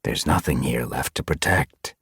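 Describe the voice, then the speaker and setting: A man voicing a blunt, disillusioned male warrior cat in a storybook reading, speaking flatly in his own low register. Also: moderate pace, breathy edge, dry recording, clean studio sound, heavily acted.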